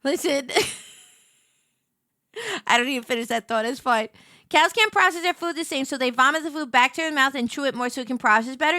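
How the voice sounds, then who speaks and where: A woman streamer chatting casually while playing a game, telling stories in an animated way. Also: high-pitched, a little fast, no room sound, clean studio sound. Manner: animated storytelling with laughs. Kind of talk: casual chat while gaming.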